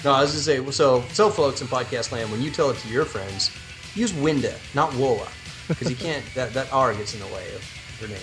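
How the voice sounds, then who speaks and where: A man's voice: mid-range voice, lively intonation, fairly quick, music in the background. A man co-hosting a podcast, chatting casually and telling a joke in a playful way. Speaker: podcast co-host.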